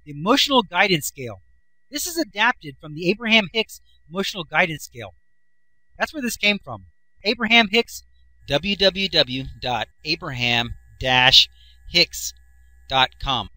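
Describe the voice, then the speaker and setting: A man's voice: high voice, lively intonation, moderate pace, pushed and bright, no echo, low-quality recording. A man, a self-help author, explaining a chart in a casual, folksy, enthusiastic way, swinging his voice up and down for emphasis.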